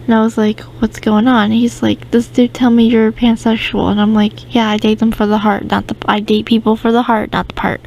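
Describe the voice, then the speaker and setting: Young-sounding gravelly woman telling a rambling story. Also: on the high side, little pitch movement, a little fast, hardly any pauses, darkish tone, slight background noise, rough recording. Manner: rambling, with many ums and restarts. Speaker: podcast host. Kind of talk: casual storytime podcast.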